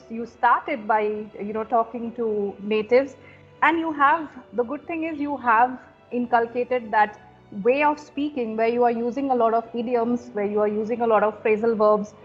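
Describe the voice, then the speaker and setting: A woman English trainer from India, interviewing a colleague in an encouraging way, with lots of "you know" fillers. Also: fairly high pitch. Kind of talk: conversational interview. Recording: dull lo-fi audio with faint music.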